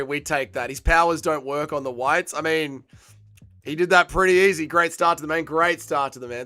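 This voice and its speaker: An excitable man hosts a live fight watch-along, bantering with his chat and swearing freely. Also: on the high side, fairly quick, clean tone, no room sound, faint music behind. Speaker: livestream host.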